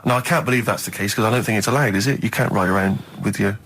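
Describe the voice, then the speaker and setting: A man's voice: fairly low pitch, fast, a bit bright, slightly rough. A man co-hosting a radio show, reading texts and adding wry, dry asides. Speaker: radio co-host. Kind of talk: casual radio banter. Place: radio studio.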